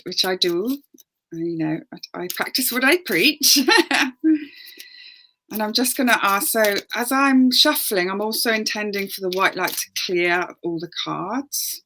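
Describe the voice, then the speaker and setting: A woman, a guest and oracle card reader, explaining in a relaxed, gentle way with many fillers. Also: medium pitch, a little hiss or hum. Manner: gentle, hesitant with fillers, acts out voices.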